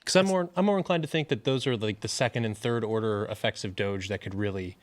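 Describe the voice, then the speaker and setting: Fast-talking low male panelist. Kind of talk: casual panel discussion.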